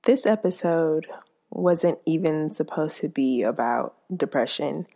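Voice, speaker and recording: Low, slow woman talking on her podcast, earnest and heartfelt. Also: expressive, mellow, faint music behind. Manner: earnest and heartfelt, speaking slowly. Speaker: podcast host. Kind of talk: personal podcast monologue.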